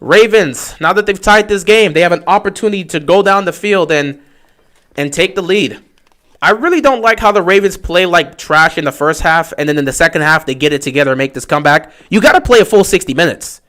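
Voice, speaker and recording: A man giving excitable fan play-by-play commentary on a livestream, talking straight to his team. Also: high voice, a little fast.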